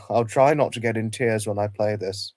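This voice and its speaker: A man hosting a casual livestream, reminiscing in a halting way, often repeating himself and restarting his sentences. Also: fairly low pitch, steady tone, a little mellow. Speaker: livestream host.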